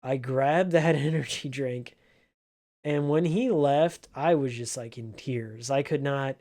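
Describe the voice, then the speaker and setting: A man's voice: on the high side, a little mellow. A man telling an emotional story from his old job in a casual vlog, in an earnest, heartfelt way. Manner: slow, earnest, emotional retelling. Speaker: vlogger, former game store clerk.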